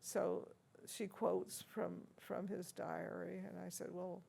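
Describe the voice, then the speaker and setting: A woman's voice: lowish voice, little pitch movement, slow, dark tone. An older woman, an organist, recalling past encounters in a chatty interview, laughing often between stories. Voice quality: gravelly, husky. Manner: chatty, anecdotal, laughs often, many fillers. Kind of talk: reminiscing interview. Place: university room.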